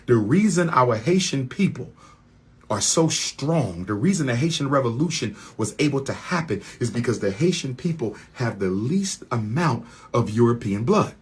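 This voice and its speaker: A man in a heated, mocking rant to his audience, repeating lines for effect and swinging from loud outbursts to quiet asides. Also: mid-range voice, slightly rough. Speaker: speaker addressing his audience.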